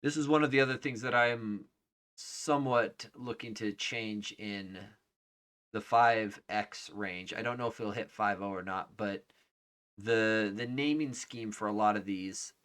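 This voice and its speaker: A man live-streaming his coding, reading out names as he checks them and thinking aloud, often trailing off into quiet murmurs. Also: fairly low pitch, fairly even intonation, unhurried. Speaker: livestreaming software developer. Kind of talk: casual live-coding commentary.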